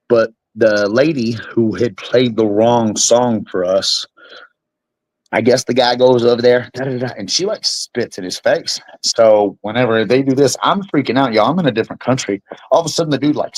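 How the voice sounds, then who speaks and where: A young man, a bare-knuckle fighter, tells a wild story in a casual interview, animated and swearing freely. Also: mid-range voice, moderate pace, no room sound, poor audio.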